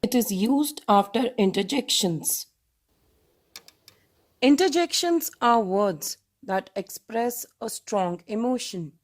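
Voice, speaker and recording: A woman teacher with an Indian English accent, giving plain, measured explanations of grammar rules. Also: a little high, lively intonation. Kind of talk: slow classroom explanation.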